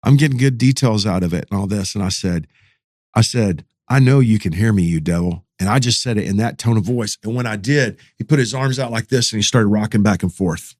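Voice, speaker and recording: A man's voice: lowish voice, quick pace, hardly any pauses, no echo, studio quality. A middle-aged man, a pastor, telling a story in casual, slangy podcast talk.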